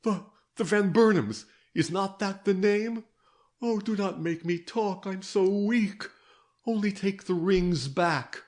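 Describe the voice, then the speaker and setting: Man doing a weak young invalid woman, plaintive, pleading, raised high voice, audiobook reading. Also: animated, measured pace, a little mellow, lightly acted. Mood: terrified. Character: frail despairing young woman, sickbed invalid.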